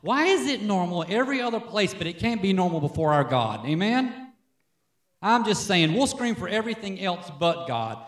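A man preaching a sermon as pastor from a church stage, an animated, joking storyteller. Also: high voice, normal speed, reverberant.

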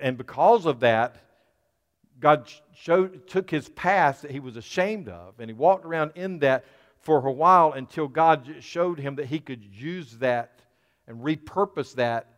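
A man preaching a sermon as pastor to his congregation, building into fervent emphasis. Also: medium pitch. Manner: preaching to a congregation, rising into fervor. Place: church sanctuary. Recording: long reverb of a large hall.

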